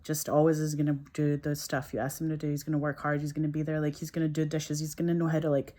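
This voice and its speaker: A woman talking in a chatty, meandering way, full of "like" fillers and quick laughs, while sipping a juice. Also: low-pitched, level tone, dark tone. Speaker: filmmaker talking to camera. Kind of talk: casual rambling monologue.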